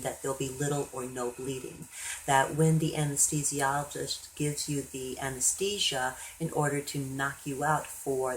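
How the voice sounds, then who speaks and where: Low-voiced woman hypnotherapist telling stories. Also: a little hiss or hum, low-quality recording. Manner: chatty, animated when quoting others. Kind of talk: storytelling monologue.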